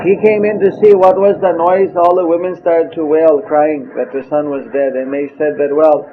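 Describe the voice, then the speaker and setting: A man's voice: a little high, level tone, normal speed, narrow, tinny audio, background noise. A man giving a scripture lecture, telling stories and often saying "you see". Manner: storytelling with acted quotes, frequent "you see". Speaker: spiritual teacher.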